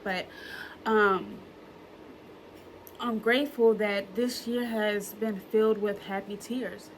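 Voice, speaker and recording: A woman's voice: medium pitch, steady tone, slow, pauses often, a little hiss or hum, low-quality recording. A woman, talking in an earnest, emotional way in a personal reflection vlog, using plenty of fillers and repeating herself. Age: early 30s. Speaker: vlogger.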